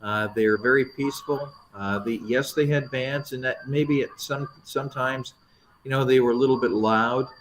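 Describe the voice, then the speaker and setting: Halting, earnest middle-aged man. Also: medium pitch, steady tone, slight background noise, rough recording. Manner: earnest, halting, many fillers and restarts. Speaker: politician guest. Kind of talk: live interview answers.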